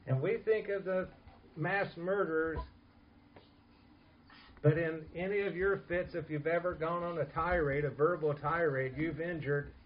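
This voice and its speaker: A man preaching a sermon in an earnest, emphatic way, dropping to soft asides. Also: on the high side, fairly even intonation, unhurried, highs cut off, slight background noise. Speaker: pastor.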